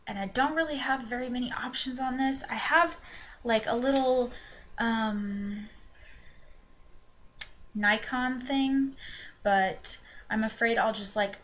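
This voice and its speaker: A woman's voice: a little high, slow pace, long pauses, a bit bright. A young woman with an accent that drifts between New York and the American South, chatting casually through a journal vlog with lots of fillers and restarts. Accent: mixed New York and Southern US. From the Carolinas. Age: young adult. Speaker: vlogger. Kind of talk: casual chat. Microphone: webcam. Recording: webcam with faint background noise.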